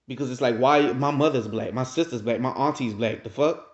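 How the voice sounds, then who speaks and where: Speaking a little fast in a mid-range voice, a man hosts a casual reaction commentary video on his channel. He rants forcefully and talks right to his audience, all captured in a roomy, dull lo-fi sound.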